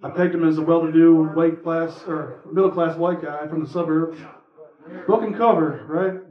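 A man's voice: fairly high pitch, normal speed. Man reading a story aloud at a live event. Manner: relaxed, conversational, a few fillers between parts. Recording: echoey room, from far off, muffled.

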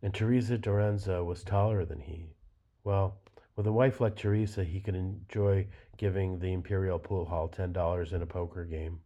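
A man reading a novel aloud in a measured, unhurried way. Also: deep voice, fairly even intonation, warm tone. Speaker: reader. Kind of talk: literary fiction reading. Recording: dull lo-fi recording.

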